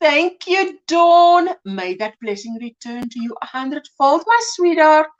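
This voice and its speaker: A South African woman hosts a crochet livestream, reading comments, greeting viewers by name and calling them sweetheart. Her high voice is expressive and a little slow, and the recording is muffled.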